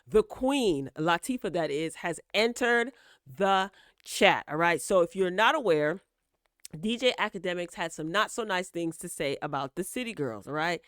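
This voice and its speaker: A woman's voice: on the low side, animated, moderate pace, fairly bright tone, no room sound, studio quality. A woman giving casual gossip commentary on entertainment news, opinionated and lecturing, and often checking in with "all right?". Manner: repeats "all right?" and "okay?" as check-ins.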